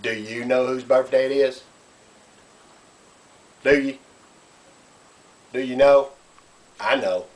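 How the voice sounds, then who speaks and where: A man's voice: medium pitch, fairly even intonation, slow, long pauses, close to an everyday voice. A man voicing a silly, chatty male duck puppet that quacks and teases. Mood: playful. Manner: playful teasing, quacking.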